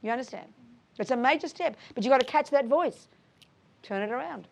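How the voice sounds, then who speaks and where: A woman's voice: high-pitched, expressive, fairly quick, gravelly. Blunt, emphatic woman lecturer. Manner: blunt, emphatic, calls listeners darling and sweetheart; asks listeners tag questions. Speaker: Buddhist teacher giving a talk. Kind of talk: lively lecture with audience questions.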